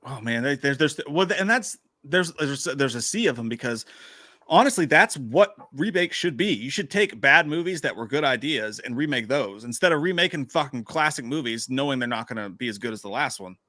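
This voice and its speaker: A man's voice: medium pitch, animated, fairly quick, bright, forceful tone, no echo. A man co-hosting a casual live stream, cursing freely, laughing often and reading chat messages aloud. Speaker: podcast co-host.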